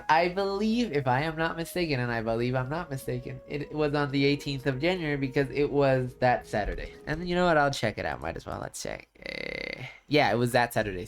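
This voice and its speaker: A man streamer chatting casually with his viewers, telling a long story in a rambling, animated way full of restarts. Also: medium pitch.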